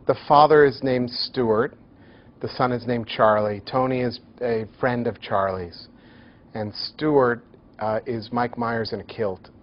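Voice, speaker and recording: A man giving a university lecture in a hall, telling stories in a lively, joking way. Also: medium pitch, highs cut off, slight background noise.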